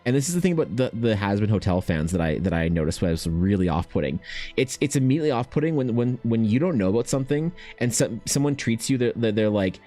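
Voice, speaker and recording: A young man chatting casually on his art stream, rambling and swearing freely, often mimicking other people in quick high voices. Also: expressive, mellow, soft background music. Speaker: artist streaming while painting.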